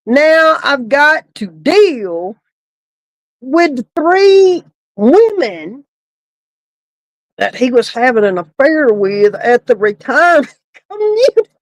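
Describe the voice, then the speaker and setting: A woman with a high voice tells a story from her work at a funeral home in a casual way. She keeps breaking into laughter as she goes. The sound is close and dry, with no room around it. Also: sing-song, takes it slowly, pauses often, dry recording, low-quality recording. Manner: laughing often while telling the story.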